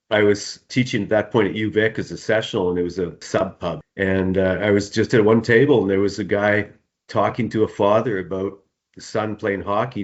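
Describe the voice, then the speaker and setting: Low-voiced man rambling about writing. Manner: rambling, repeats words, laughs often. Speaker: author, interview guest. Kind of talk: relaxed conversational interview answers. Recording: dull, muffled sound.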